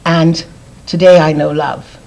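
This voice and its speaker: A woman's voice: low-pitched, fairly even intonation, takes it slowly, vocal fry, darkish tone, rough recording. A woman giving a personal testimony as an interview guest, earnest, often repeating phrases for emphasis.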